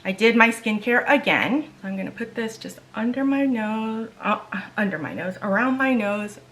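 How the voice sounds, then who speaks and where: A woman's voice: a little high, moderate pace, a bit bright. A woman beauty vlogger in a casual makeup try-on vlog, chatty and exasperated, talking straight to her viewers.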